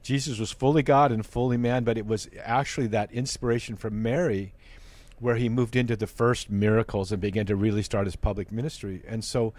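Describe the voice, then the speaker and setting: A man's voice: fairly low pitch, fairly even intonation, fairly quick, a little mellow, dry recording. A man hosting a faith talk show, speaking earnestly and often repeating words as he searches for phrasing. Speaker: host.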